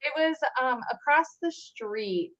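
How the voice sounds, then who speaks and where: A woman's voice: high voice, slow pace, crowd noise. A woman in a casual chat, telling a story with lots of laughter and filler words. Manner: animated, laughing, many "like" fillers. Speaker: guest cosplayer.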